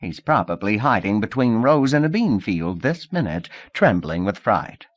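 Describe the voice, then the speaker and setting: A man's voice: fairly low pitch, sing-song, moderate pace, no room sound, muffled recording. A man voicing a sly old female fortune-teller with a coaxing, evasive patter.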